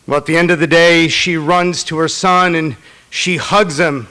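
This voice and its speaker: A rabbi giving a holiday sermon to his congregation, mixing personal stories and gentle humor with earnest appeals. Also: fairly high pitch, steady tone, normal speed.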